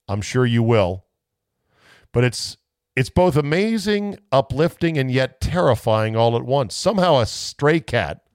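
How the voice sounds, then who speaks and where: A man's voice: medium pitch, clear, resonant tone, dry recording, clean studio sound. A male sports talk show host in a casual monologue, rambling and making self-mocking asides.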